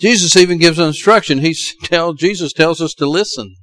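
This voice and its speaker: A middle-aged male pastor with a Southern US accent delivers a sermon. His voice sits high for a man. He talks earnestly and climbs into emphatic, urgent exhortations. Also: fairly quick, fairly bright tone, poor audio.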